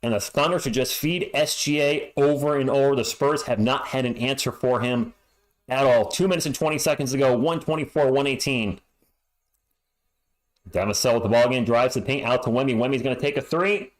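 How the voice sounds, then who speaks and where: A man doing fan play-by-play on a live stream, excitable and yelling on big plays, into a home streaming mic that clips. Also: mid-range voice, brisk.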